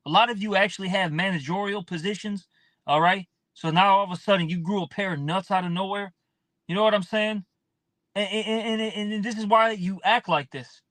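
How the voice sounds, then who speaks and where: High-pitched male street-style preacher, blunt and profane, dry recording. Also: a bit bright, dry recording. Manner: blunt, profane, drawn-out, fills with "man". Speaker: scripture teacher. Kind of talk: casual preaching with scripture reading.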